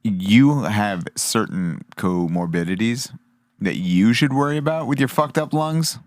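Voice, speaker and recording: A man co-hosting a casual podcast, dropping deadpan, sarcastic one-liners. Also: on the low side, measured pace, no echo, clean studio sound. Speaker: podcast co-host. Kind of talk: casual banter.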